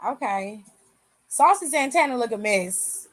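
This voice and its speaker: Woman, high voice, AAVE, casual livestream host, candid and profane, dry room. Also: lively intonation, measured pace, no echo. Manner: candid, swears freely, laughs often. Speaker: aftershow host reading chat.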